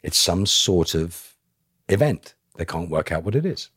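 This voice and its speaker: Deep husky male guest, animated storyteller, dry close mic. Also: measured pace, no room sound. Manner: animated retelling, acting out other people's lines. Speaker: podcast guest. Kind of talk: emotional storytelling.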